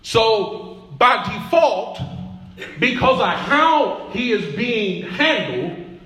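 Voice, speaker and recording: A pastor preaching a sermon in a church, building through repeated phrases and calls to the congregation. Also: male voice, very high-pitched, big pitch swings, drawn-out words, sharp tone. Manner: preaching with rising call-and-response. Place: church sanctuary. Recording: echoey church room.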